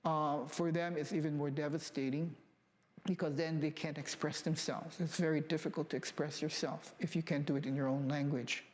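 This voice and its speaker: A man from Hawaii giving a thoughtful, measured interview answer. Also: on the high side, little pitch movement, in a large hall. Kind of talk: reflective interview.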